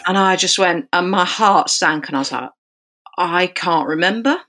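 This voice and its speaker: A woman, a rugby referee, telling a podcast anecdote in an animated way and acting out the dialogue. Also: fairly low pitch, normal speed.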